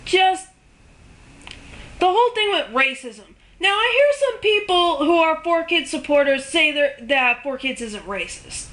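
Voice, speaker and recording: A woman's voice: high-pitched, animated, measured pace, a bit bright. A woman delivering an unscripted rant to camera for her video channel. She sounds exasperated and emphatic, and she tags her points with "okay?" and "all right?". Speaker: video ranter.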